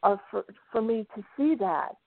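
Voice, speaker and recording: A woman's voice: medium pitch, animated, moderate pace, vocal fry. A woman who works as a psychic medium, telling stories in a chatty way as a guest on a talk show. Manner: chatty storyteller, quotes spirits and clients. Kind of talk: casual phone interview. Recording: tinny dry phone line.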